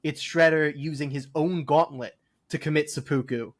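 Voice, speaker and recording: A man's voice: on the high side, steady tone, normal speed. A man co-hosting a podcast in casual chat, enthusiastic and full of "like" fillers. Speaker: podcast co-host.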